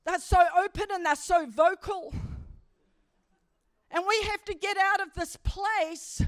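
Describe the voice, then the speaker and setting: A woman preacher giving a church sermon, telling stories animatedly and building to emphatic high points. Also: measured pace, fairly bright tone, no echo. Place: church service.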